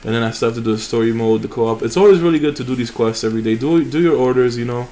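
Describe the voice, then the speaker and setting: A man's voice: medium pitch, rapid-fire, warm tone, faint music behind. A young man hosting a mobile game channel, chatting casually and rambling with fillers and restarts over his gameplay.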